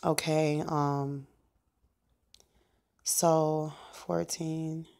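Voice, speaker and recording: Woman rambling on her phone livestream, low gravelly voice, lots of ums. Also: level tone, very slow, darkish tone. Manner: chatty, meandering, many fillers and asides. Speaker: prayer minister. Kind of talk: casual testimony livestream.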